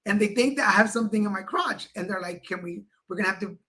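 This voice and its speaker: Bright-voiced chatty male co-host. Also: high voice, quick pace. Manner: chatty storyteller, acts out quoted people. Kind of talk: casual livestream chat.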